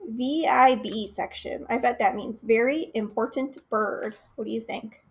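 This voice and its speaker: Young woman, children's librarian, storytime read-aloud; bright high pitch, unhurried, chats straight to the little listeners. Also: gravelly. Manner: expressive, talks straight to the kids, asks them questions.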